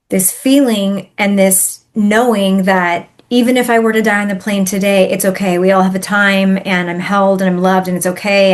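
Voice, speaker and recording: A woman guest on a podcast tells a personal story with animated emphasis. Her pitch sits in an ordinary middle range, and she is a healer speaking about her own path.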